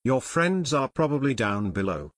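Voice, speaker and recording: A man's voice: mid-range voice, very animated, moderate pace, no echo, studio quality. A man voicing a nervous adult pilot who confesses and pleads, in an audiobook reading. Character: nervous male pilot, adult, frightened accomplice.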